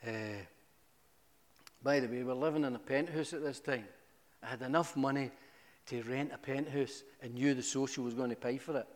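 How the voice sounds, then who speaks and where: A middle-aged man giving a humorous, animated testimony to a church, with sudden high exclamations. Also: moderate pace. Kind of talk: storytelling testimony. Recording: echoey hall.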